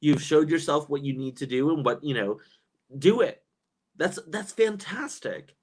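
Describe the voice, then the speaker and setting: A man in his thirties hosting a casual livestream and reading chat comments, animated and chatty with lots of fillers and laughs. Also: on the high side, measured pace, slightly rough.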